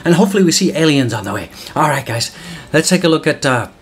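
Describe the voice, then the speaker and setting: A man hosting solo market commentary in an excited, exclamatory way, often whooping and calling out to viewers. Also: on the high side, fast, slight background noise. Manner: hyped, exclamatory, whooping, calls viewers guys.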